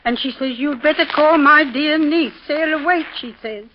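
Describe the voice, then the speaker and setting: A woman's voice: high voice, moderate pace, a little hiss or hum, natural voice. An actress playing a chatty, rambling landlady in a 1930s radio drama. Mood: gossipy. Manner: rambling, gossipy storyteller. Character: chatty Irish landlady, fussing and loyal. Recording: dull lo-fi 1930s radio recording.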